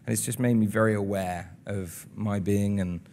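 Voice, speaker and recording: Earnest man with a low voice. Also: steady tone, darkish tone, slight background noise. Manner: earnest and reflective, with many halting restarts. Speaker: actor being interviewed. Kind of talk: casual interview talk. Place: studio interview in front of an audience.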